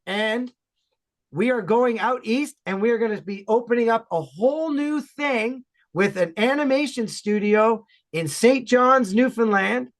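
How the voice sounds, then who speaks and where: A man from Ontario with an Ontario Canadian accent, a regular on the podcast, chatting casually in energetic, emphatic bursts. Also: very high-pitched, a little slow.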